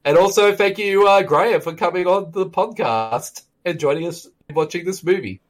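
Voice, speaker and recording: A podcast host riffing on a movie in casual chat, excitable and prone to high shrieking laughter. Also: normal speed.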